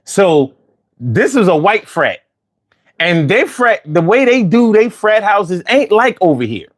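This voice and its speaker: A man hosting a casual chat, telling stories with lots of swearing and putting on high voices when he quotes himself. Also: unhurried. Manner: animated storyteller, swears freely, jumps into high voices for quotes. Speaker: host.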